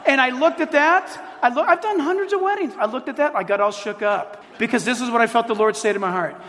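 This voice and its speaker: A middle-aged man preaching a sermon to a live audience, telling stories with animated, emphatic repetition. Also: very high voice, fast talker. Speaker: pastor. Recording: long hall reverb.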